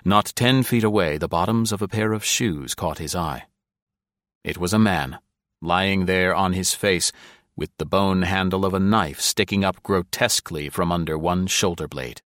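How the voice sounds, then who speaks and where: A male audiobook narrator with a very deep voice, reading in a measured, even way. The recording is close and dry, with no room sound. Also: no room sound.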